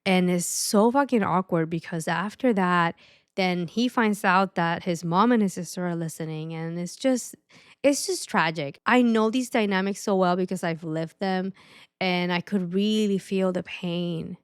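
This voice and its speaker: A woman's voice: fairly low pitch, a little slow, clear, resonant tone, no echo, clean studio sound. A woman hosting a podcast, speaking frankly and emotionally in a personal monologue, swearing often. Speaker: podcast host.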